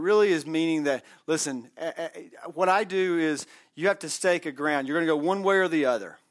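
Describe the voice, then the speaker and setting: A man leads a Bible study, his voice a touch higher than most. He talks in a loose, conversational way, reading passages aloud and stopping to explain them in plain words. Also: a little fast. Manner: conversational, reads scripture aloud with asides. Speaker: Bible class teacher.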